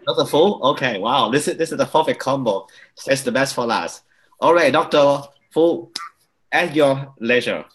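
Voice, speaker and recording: A man instructor moving a class along, brisk and encouraging. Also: medium pitch, animated, breathy edge. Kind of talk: classroom facilitation.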